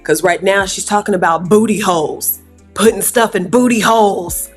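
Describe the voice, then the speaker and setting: A woman's voice: mid-range voice, moderate pace, soft background music. A woman reacting to a storytime clip, joking and talking straight to her viewers. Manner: playful, talks straight to viewers. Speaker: reaction host.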